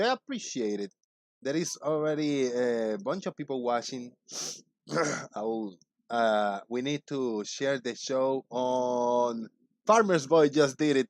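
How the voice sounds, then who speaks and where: A man's voice: mid-range voice, no room sound. A man hosting a live chat stream, upbeat and greeting his viewers one by one by name. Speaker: livestream host.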